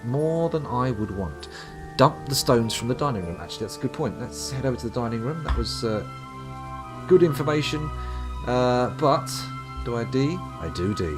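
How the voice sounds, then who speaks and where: A man's voice: mid-range voice, expressive, fairly quick, over music. A man from the UK streaming a game live, commenting with dry, sarcastic, jokey asides. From United Kingdom. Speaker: gaming streamer.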